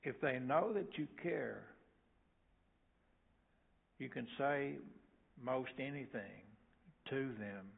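An older man preaching a sermon as pastor, halting and repeating words, with folksy asides. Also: medium pitch, creaky, breathy edge. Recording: tinny phone-like sound.

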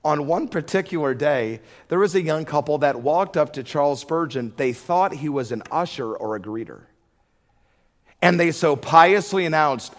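A man's voice: fairly high pitch, lively intonation, moderate pace. A middle-aged man preaches, spinning a folksy story in a slightly raised voice. He builds to fervent emphasis as he makes his point about prayer. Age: middle-aged or older. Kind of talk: storytelling sermon.

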